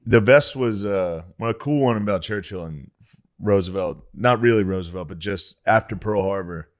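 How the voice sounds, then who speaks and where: Low-voiced man in laid-back banter. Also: normal speed. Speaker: comedian podcast co-host. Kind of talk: casual comedic banter.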